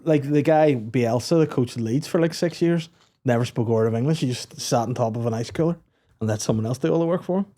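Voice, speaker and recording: Male podcast guest, casual banter, swears, laughs a lot, mid pitch. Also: fast, dark tone. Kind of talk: casual comedic chat.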